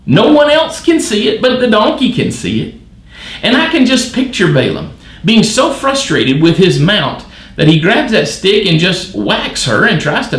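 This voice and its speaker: Animated man teaching a Bible lesson. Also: a little high, echoey room. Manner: animated, wondering aloud with many questions. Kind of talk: midweek Bible study reading and commentary.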